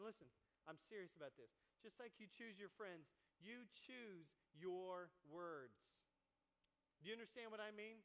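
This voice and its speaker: A young man preaching to middle schoolers as a youth pastor, animated and acting out conversations. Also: high voice. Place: church hall. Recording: echoey church hall.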